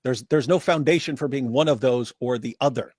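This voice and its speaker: A man's voice: medium pitch, brisk, darkish tone, no room sound, clean studio sound. Emphatic man arguing on a stream. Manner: emphatic, arguing with repeated restarts. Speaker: stream co-host. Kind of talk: casual reaction commentary.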